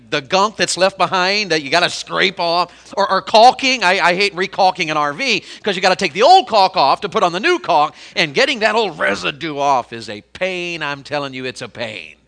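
A middle-aged man preaching a sermon, telling homespun stories and swinging from loud emphasis to quiet intensity. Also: sits high, animated, brisk, gravelly, few pauses. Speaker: pastor.

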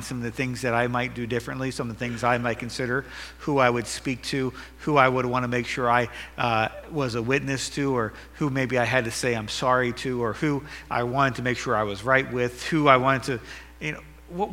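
A man's voice: medium pitch, steady tone, brisk, bright, forceful tone. A man preaching a sermon as pastor, reading scripture aloud with rising emphasis and leading a prayer. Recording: long reverb of a church hall.

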